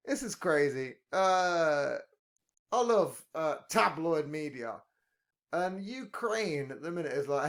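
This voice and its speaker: Guy on a podcast, kinda high voice that jumps all over, swears a lot, rambly and jokey. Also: expressive, measured pace. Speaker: podcast talker. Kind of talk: casual podcast chat.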